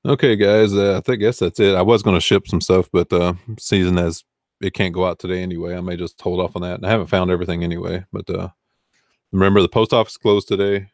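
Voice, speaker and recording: Low flat-voiced southern man chatting. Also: fast, no echo, clean studio sound. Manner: relaxed, rambling, answers chat comments. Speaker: eBay reseller hosting a livestream. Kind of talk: casual livestream chat.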